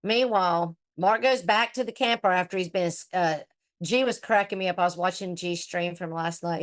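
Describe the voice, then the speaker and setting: A woman's voice: fairly low pitch, normal speed. A middle-aged woman hosting a casual commentary chat, blunt and profane, trash-talking the people she discusses. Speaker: host.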